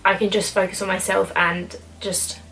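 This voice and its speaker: A young woman chatting casually to camera in a mukbang vlog, animated and eating between sentences. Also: medium pitch, moderate pace, gravelly. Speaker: YouTuber. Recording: slightly distant mic with faint background noise.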